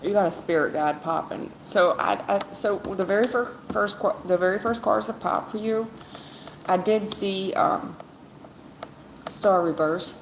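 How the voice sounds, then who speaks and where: A woman's voice: medium pitch, a little slow. A woman reading tarot on a livestream, blunt and a little sarcastic as she talks straight to her chat viewers and calls them baby and hon. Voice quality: blunt, sarcastic-sounding delivery. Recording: echoey room with clear background noise.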